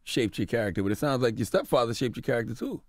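A man hosting a morning radio show, interviewing a guest with quick questions. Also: medium pitch, lively intonation, no room sound, clean studio sound. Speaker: radio host. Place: radio studio.

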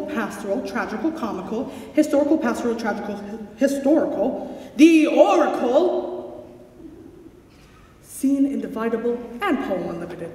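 A woman's voice: medium pitch, mellow, close to an everyday voice. A woman acting a pompous, long-winded old male courtier on stage, fussy and rambling. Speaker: stage actor. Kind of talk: live stage play performance. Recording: far echoey hall, faint noise.

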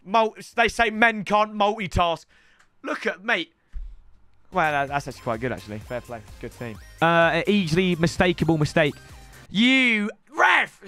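A young man rants and yells through his gameplay commentary in a high, bright voice. His pitch swings widely, though his overall pace stays unhurried. Faint game music runs underneath. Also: no room sound. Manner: excitable, shouts and rants at the game. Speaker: gaming YouTuber.

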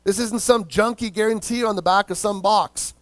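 A male pastor preaching a sermon, slowing down to stress key words and calling out to the congregation for responses. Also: high-pitched, fairly even intonation, fairly bright tone, no room sound.

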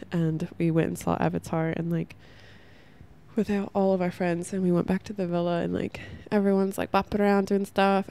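A woman's voice: lowish voice, gravelly, darkish tone, smooth. A young woman hosting a casual spiritual podcast, talking in a rambling, heartfelt way and saying "like" a lot. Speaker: podcast host.

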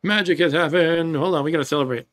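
A man's voice: fairly high pitch, fast talker, a bit bright. A man casually commenting on his own game playthrough, rambling along, chuckling now and then and reading game text aloud. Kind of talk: casual let's-play commentary.

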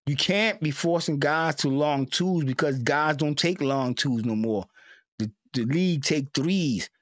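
Heated New fan ranting. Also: male voice, on the high side, a little slow, dry recording, clean studio sound. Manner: repetitive, heated, stammering at times. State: emotional. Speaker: sports fan commentator. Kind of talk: emotional sports rant.

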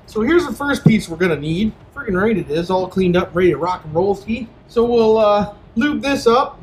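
A man's voice: high-pitched, expressive, moderate pace. A man giving casual, jokey commentary while he rebuilds an engine, talking to himself and calling his viewers "boys". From Canada. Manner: talks to himself while working. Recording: echoey room with background noise.

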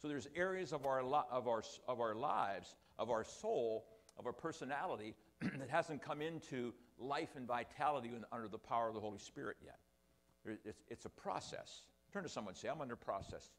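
A man's voice: mid-range voice, expressive, a little fast. An older man preaching a sermon to his congregation, with rambling, self-deprecating asides. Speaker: pastor. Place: church sanctuary.

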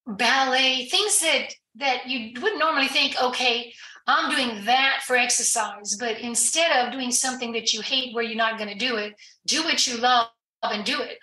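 Bright-voiced woman explaining earnestly. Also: a little high, reverberant, poor audio. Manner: earnest, explanatory, with frequent fillers and restarts. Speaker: guest addiction recovery professional. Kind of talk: conversational podcast interview.

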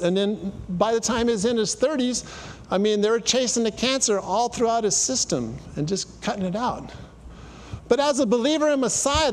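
A man's voice: high-pitched, in a large hall, a little hiss or hum. A middle-aged man giving an informal, conversational sermon to a congregation, repeating phrases for emphasis and telling stories. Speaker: congregation speaker giving weekly welcome. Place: congregation sanctuary.

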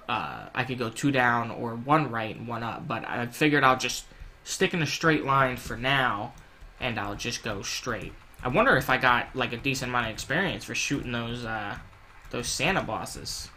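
A young man giving casual, rambling gameplay commentary at home, swearing freely and yelling in panic when things go wrong. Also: mid-range voice. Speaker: gaming YouTuber.

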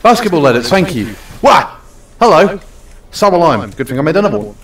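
A man's voice: on the high side, very animated, normal speed, fairly bright tone, distant mic. A young man streaming a game, chatting casually and playfully bossing around the customers. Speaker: gaming streamer. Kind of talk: casual live-stream commentary. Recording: roomy echo, off from the mic.

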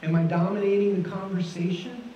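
Fairly quick and folksy, a middle-aged guest pastor's high, lively voice fills a roomy church sanctuary as he questions his listeners during a sermon. He's heard from a distance over faint congregational laughter, in lo-fi sound with a little hiss or hum.

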